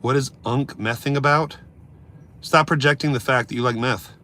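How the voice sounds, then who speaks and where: A man's voice: mid-range voice, steady tone, moderate pace, pushed and bright, slight background noise. A man live streaming, ranting casually and mocking his chat in a brash, swearing way. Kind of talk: casual comedic rant.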